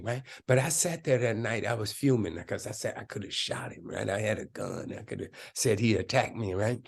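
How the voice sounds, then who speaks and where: An older man of about seventy tells his story as an interview guest. His voice has a gravelly rasp, and he speaks emphatically and streetwise, often tossing in "right?" to the listener. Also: mid-range voice, a little mellow. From South Side of Chicago. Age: around 70. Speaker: guest, film director.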